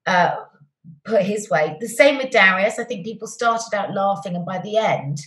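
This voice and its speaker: A woman's voice: medium pitch, expressive, moderate pace. Effusive woman, roomy sound. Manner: warm, effusive storytelling with restarts. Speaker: guest, TV presenter. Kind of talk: conversational interview.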